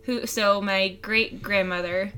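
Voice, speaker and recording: A woman co-hosting a casual podcast, reacting quickly and laughing a lot. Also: medium pitch, fairly even intonation, sharp tone, clean tone. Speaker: podcast co-host. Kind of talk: casual chat.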